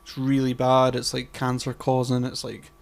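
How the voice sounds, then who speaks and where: A man co-hosting a casual podcast chat, rambling, swearing and groping for words, often trailing off quietly. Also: mid-range voice, completely flat delivery, moderate pace, creaky. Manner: trails off quietly mid-sentence. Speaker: podcast co-host.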